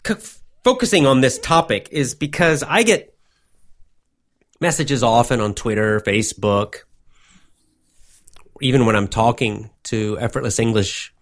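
A man giving a motivational English lesson, speaking slowly in simple words and repeating himself often. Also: mid-range voice, fairly bright tone. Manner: slow, simple wording with many repetitions. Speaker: English teacher.

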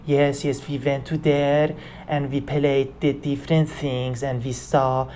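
A speaker putting on an Iranian accent to play a man rambling slowly about his home and trip. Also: medium pitch, level tone, slight background noise, lightly acted. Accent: mock Iranian. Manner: slow, rambling, trailing off quietly.

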